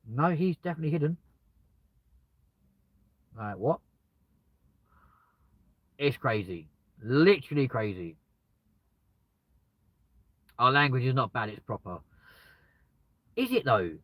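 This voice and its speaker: A man's voice: mid-range voice, sing-song, takes it slowly, pauses often, no echo, muffled recording. A British man chatting live from his car, joking and laughing at himself. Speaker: live streamer. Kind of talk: casual live-stream chat. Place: in a car with the window open.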